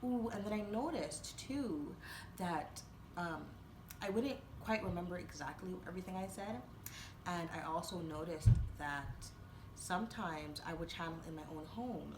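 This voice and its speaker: A young woman with a low-leaning voice speaks at a moderate pace, casually telling her viewers a wandering personal story punctuated by laughs and fillers. The audio is reverberant with a noisy background.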